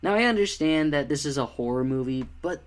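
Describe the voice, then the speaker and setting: A man's voice: fairly high pitch, animated, a little fast. A man giving a casual spoken review of a fan film, rambling and critical with many fillers.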